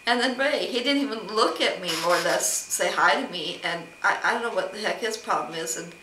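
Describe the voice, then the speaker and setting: Medium-pitched and sharp, a woman speaks a little fast through a distant mic, with some hiss or hum and faint room ambience. She's a vlogger recounting at length, in a rambling and aggrieved way, how she was snubbed, quoting lots of back-and-forth.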